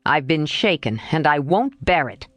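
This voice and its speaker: Woman doing a teenage boy, sulky, growling, lower voice, lively delivery, dry close sound. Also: normal speed, no room sound. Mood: indignant.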